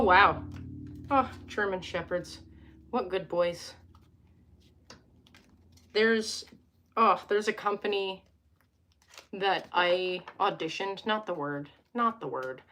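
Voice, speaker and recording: A woman's voice: mid-range voice, a bit bright, slight background noise. A young woman hosting a casual live stream from home, reading tarot cards and chatting with viewers, joking and wandering off into asides.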